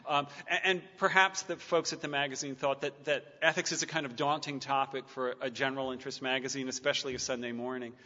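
A man's voice: medium pitch, steady tone, fast, few pauses, bright, forceful tone. A man giving a public talk and then answering questions, with dry wry humor and many stammered restarts. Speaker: lecturer taking audience questions. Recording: muffled lecture-hall recording with long reverb.

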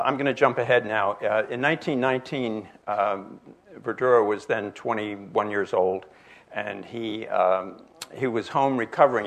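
Gravelly-voiced older man telling anecdotes. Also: fairly low pitch. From New Jersey. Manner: rambling, anecdotal, many fillers and restarts. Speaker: jewelry expert giving a lecture. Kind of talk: illustrated lecture with slides.

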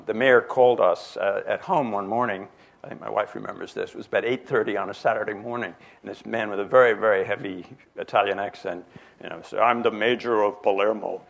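Gravelly-voiced older man telling anecdotes. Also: lowish voice. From New Jersey. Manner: rambling, anecdotal, many fillers and restarts. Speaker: jewelry expert giving a lecture. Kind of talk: illustrated lecture with slides.

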